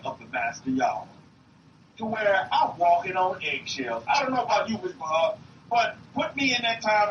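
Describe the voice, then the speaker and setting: A man preaching a sermon to a room, emphatic and repetitive, swinging up and down in pitch. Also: fairly bright tone. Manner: emphatic, repeats himself, rises and drops in pitch. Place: meeting room. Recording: roomy, distant, dull lo-fi recording with faint hiss.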